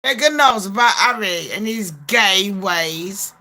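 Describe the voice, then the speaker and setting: A woman's voice: mid-range voice, lively intonation, takes it slowly, pushed and bright. A woman ranting in a casual gossip vlog, brash and full of swearing, laughing often. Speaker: gossip vlogger.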